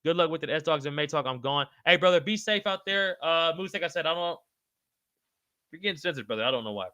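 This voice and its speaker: A man hosting a casual livestream, reading out comments and shouting out viewers in slangy, hyped-up talk. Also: a little high, animated, fast talker, clear, resonant tone, dry recording. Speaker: livestream host.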